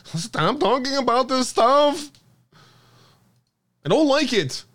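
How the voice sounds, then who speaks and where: A man's voice: lively intonation, slow, a bit bright, full character voice. A man putting on a mocking impression of a dismissive critic who scolds people for talking, sarcastic and whiny. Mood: whiny scolding. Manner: sarcastic, scolding, higher-pitched.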